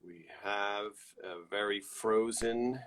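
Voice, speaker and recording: A man's voice: on the low side, fairly even intonation, slow, a bit bright. A man hosting a live fan show, chatting casually and greeting viewers one by one on a stream from home through a built-in computer mic.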